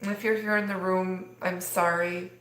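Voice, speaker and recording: A woman's voice: lowish voice, flat delivery, moderate pace, fairly bright tone. A woman giving a live tarot reading, talking in a rambling way with many fillers. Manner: rambling, filler-heavy delivery. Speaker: tarot reader. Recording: echoey room.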